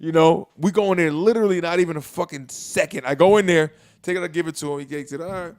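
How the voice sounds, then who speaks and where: Animated storytelling young man, slightly high. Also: quick pace. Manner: animated, profane, laughs through his story; swings loud and soft acting out quotes. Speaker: podcast cohost. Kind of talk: casual storytelling chat.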